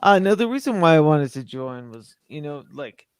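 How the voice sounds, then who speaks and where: A man's voice: a little high, very animated, smooth, no room sound, clean studio sound. A man talking in a casual chat who rambles and stumbles over his words while he tries to explain an idea. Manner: rambling and halting, apologetic.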